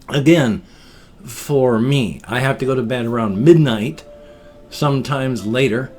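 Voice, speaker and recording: A man's voice: medium pitch, slow pace, pauses often, darkish tone, faint music behind. An older American man chatting casually on his daily vlog, rambling and self-deprecating as he tells a story. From United States. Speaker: vlogger.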